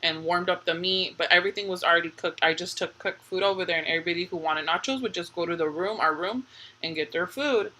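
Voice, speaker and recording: A woman's voice: on the low side, quick pace, bright, forceful tone, poor audio. A woman in her thirties hosting a live stream, telling family stories in a chatty, laughing way. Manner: chatty storytelling with frequent laughter. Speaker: livestream host. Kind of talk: casual chat.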